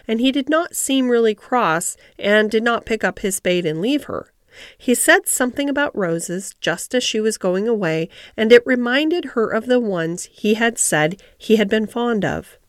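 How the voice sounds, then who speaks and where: A woman's voice: medium pitch, dry recording, clean studio sound. Woman narrating a classic storybook. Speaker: audiobook narrator.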